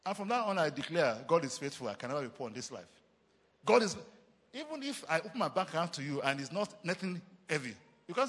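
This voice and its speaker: A Nigerian man preaching with a lively, swinging delivery and a slightly husky tone. His voice sits a bit high and rings out with long reverb, as in a big church hall. He hammers phrases through repetition and slips in short chuckles. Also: quick pace. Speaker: pastor. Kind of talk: sermon.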